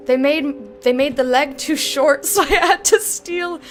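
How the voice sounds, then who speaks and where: Woman putting on a gruff peg-legged painter brogue. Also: high-pitched, unhurried, soft background music, pitched above the performer's own voice. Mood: indignant. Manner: put-on rough Irish-Scottish brogue.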